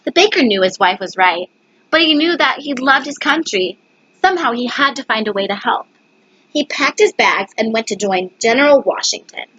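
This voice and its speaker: A woman's voice: a little high, lively intonation, moderate pace, a bit bright, slightly rough, no echo, dull audio. A woman reading a picture book aloud, stumbling over words and correcting herself. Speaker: reader. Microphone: webcam.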